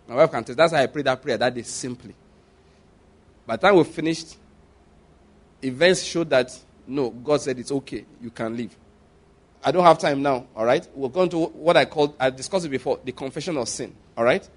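A man with a fairly high voice delivers a conversational sermon. He repeats phrases for emphasis and moves between hushed, intimate stretches and louder, pressing ones. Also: husky. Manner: repeats phrases for emphasis, swings from soft to loud. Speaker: preacher.

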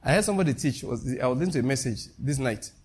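A man's voice: medium pitch, expressive, racing, darkish tone, husky. A man preaching a sermon, firing rhetorical questions at his listeners and laughing at his own jokes.

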